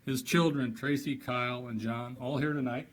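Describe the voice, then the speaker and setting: A man's voice: medium pitch, steady tone, normal speed, slight background noise, low-quality recording. A man giving a praising, lightly humorous speech that introduces an award honoree at a dinner. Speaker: presenter. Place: banquet hall.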